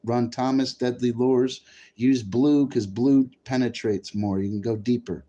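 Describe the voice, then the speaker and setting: A man's voice: mid-range voice, steady tone, a little slow, warm tone, highs cut off. A man chatting casually on a livestream, rambling and swearing freely. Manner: profane, rambling, easily frustrated. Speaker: live streamer.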